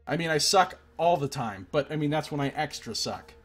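Husky-voiced man doing game commentary. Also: a little high, animated, normal speed, a bit bright, soft background music. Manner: chatty and self-deprecating, greets chat viewers. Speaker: Let's Play streamer. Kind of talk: casual game commentary, reading game text aloud.

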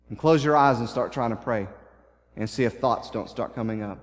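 In a church sanctuary, a man with a mid-range voice preaches a passionate sermon, talking a little fast and expressively. He often repeats and restarts phrases as he paraphrases scripture in the first person, and the recording carries the long hall reverb of the church.

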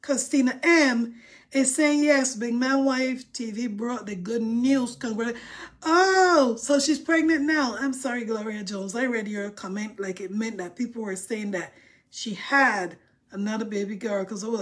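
A woman hosts a casual livestream with a slightly high-pitched voice. She chats freely, reads out viewer comments, and talks with informal dialect grammar. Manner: chatty, dramatic mock-crying over likes. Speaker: livestream host.

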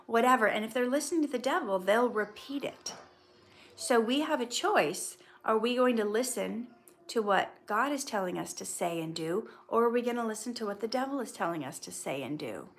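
Chatty lady actress doing a live q&a, reads comments out loud and answers them, earnest and friendly. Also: fairly high pitch. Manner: earnest, faith-based advice mixed with light laughs. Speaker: actress answering viewer questions. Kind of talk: casual livestream Q&A.

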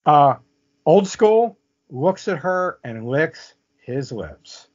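A man's voice: fairly high pitch, big pitch swings, drawn-out words. A man telling a vivid story as an interview guest, often checking in with "okay?". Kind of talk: casual storytelling. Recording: muffled lo-fi audio.

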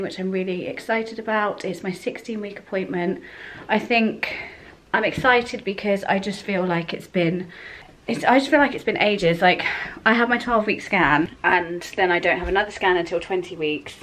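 A woman's voice: medium pitch, moderate pace, few pauses, a bit bright, rough recording. A woman with an English accent chatting casually to her camera in a rambling vlog, often correcting herself. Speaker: vlogger.

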